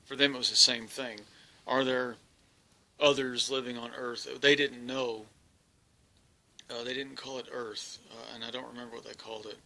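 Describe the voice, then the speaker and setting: Gravelly man telling a halting story. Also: medium pitch, little pitch movement, sharp tone, rough recording. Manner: halting, frequent restarts and searching for words. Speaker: experiencer recounting an encounter. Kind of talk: first-person storytelling monologue.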